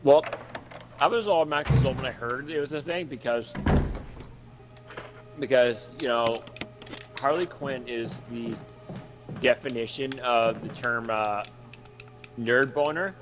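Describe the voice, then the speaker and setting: A man talking in a loose, rambling way as he plays a game, his voice sitting at an ordinary middle pitch. He gets worked up quickly, swears freely and stumbles over repeated words. Loud game music plays underneath him. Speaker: gameplay commentator. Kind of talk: casual chat while playing a game.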